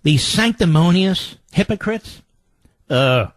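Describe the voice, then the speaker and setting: Man, talk radio host, high voice, sarcastic, mocking monologue, dry studio sound. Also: big pitch swings, moderate pace, fairly bright tone, dry recording.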